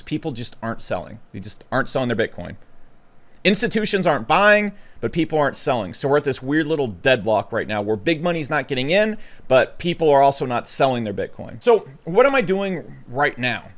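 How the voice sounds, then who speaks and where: A young man talking bluntly and excitably to camera about the markets, stumbling over his words. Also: fairly high pitch. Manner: blunt, brash and excitable, with stutters and restarts. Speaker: crypto commentator. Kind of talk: casual opinionated talk to camera.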